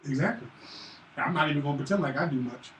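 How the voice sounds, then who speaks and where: Man, high voice, animated profane storyteller; distant roomy live-stream audio. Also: fast. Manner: animated, profane, acts out his son's voice. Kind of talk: casual chat, storytelling. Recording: roomy, distant mic, faint hiss.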